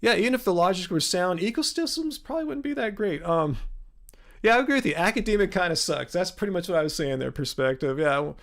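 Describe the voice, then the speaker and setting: A man's voice: sits high, lively intonation, fast, creaky, fairly bright tone. A man from the United States hosting a live Q&A stream, talking in a loose, rambling way full of fillers. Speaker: host.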